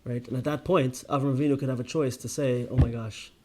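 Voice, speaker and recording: A man of middle pitch leads a relaxed Torah class and talks like a storyteller. He restarts his sentences, tags them with "right?" and speaks at an everyday pace. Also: fast, noisy background. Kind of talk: casual spoken Torah class.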